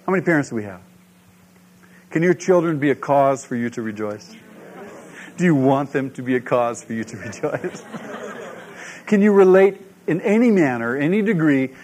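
A man preaching a sermon as pastor, animated and asking the congregation questions. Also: medium pitch, moderate pace.

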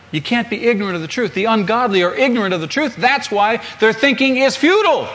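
A man's voice: high voice, fairly bright tone, a little hiss or hum. A man, a pastor, preaching a sermon emphatically, repeating phrases and asking the congregation rhetorical questions.

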